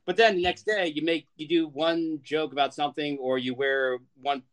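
Profane ranting man, a bit high. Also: steady tone, moderate pace. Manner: profane, heated, rambling with many restarts. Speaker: podcast co-host. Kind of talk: casual ranting chat.

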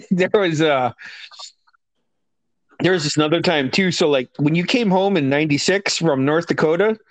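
High-voiced swearing storyteller man. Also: moderate pace, long pauses, dry recording. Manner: profane, laughs through his stories. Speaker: host telling stories. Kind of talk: casual storytelling chat.

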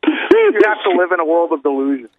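A man co-hosting a casual comedy podcast, giving quick, emphatic opinions. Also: a little high, huge pitch swings, narrow, tinny audio. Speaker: podcast co-host.

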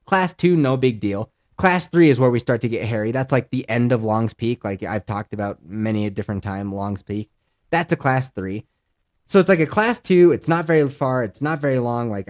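A man in his thirties from the Colorado mountains hosts a podcast, his mid-range voice carrying a darkish tone. In casual chat, he tells a rambling, profane story.

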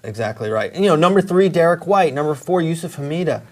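A man's voice: a little high, expressive, quick pace. A man hosting a casual sports talk show, opinionated and rambling, with many restarts. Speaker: podcast host.

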